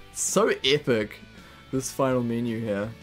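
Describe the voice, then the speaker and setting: A young man with a New Zealand accent chats loosely as he streams a game, wandering off-topic, laughing and swearing casually. His voice sits at a middling pitch, with light game music playing faintly behind him. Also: slow pace, fairly bright tone. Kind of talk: casual live-stream gaming chat.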